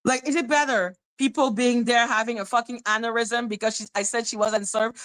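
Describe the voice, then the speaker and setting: A woman's voice: on the high side, fairly even intonation, brisk, hardly any pauses, a bit bright. Blunt, irritated woman stream host. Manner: swears freely, repeats herself. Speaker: live-stream commentary host. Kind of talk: casual live-stream commentary.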